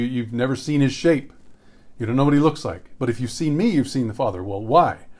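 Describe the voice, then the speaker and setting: A man, a pastor, teaching through a Bible chapter in a conversational way, reading verses slowly and repeating phrases for emphasis. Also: mid-range voice, a little mellow.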